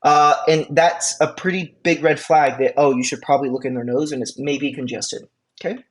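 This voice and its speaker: Casual EMT instructor, mid-pitch voice, chatty lecture delivery with lots of asides and "right?" check-ins. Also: fairly even intonation, normal speed. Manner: frequent fillers and restarts, conversational asides. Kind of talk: classroom lecture.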